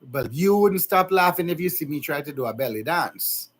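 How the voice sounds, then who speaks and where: A man's voice: a little high, lively intonation, normal speed. A young man with a Jamaican accent, earnestly talking to his viewers in a rambling, emotional way. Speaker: vlogger. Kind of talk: casual heartfelt talk to viewers.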